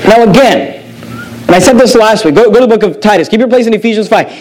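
Male pastor, high voice, emphatic sermon delivery with repeated phrases. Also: fast, rough recording. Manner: emphatic preacher with sharp pitch drops and repetitions.

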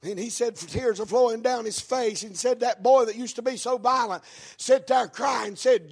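Preacher, man, gravelly and husky, high voice, builds to shouts; for a sermon. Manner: preaching cadence, rising into shouts, drawn-out words. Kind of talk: fiery sermon with storytelling. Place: church.

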